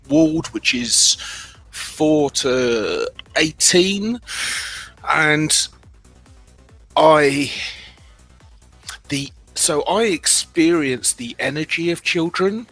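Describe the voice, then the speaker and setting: A man's voice: mid-range voice, fairly bright tone, low-quality recording. A middle-aged man with a British accent, telling his own story as a guest in a candid, self-deprecating way, often restarting his sentences.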